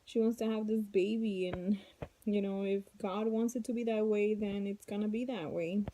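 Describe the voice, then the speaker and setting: A woman's voice: medium pitch, mellow, rough recording. A tired, heavily pregnant woman at home, chatting casually to her viewers in a rambling, weary, venting way. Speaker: vlogger. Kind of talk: casual chat to camera.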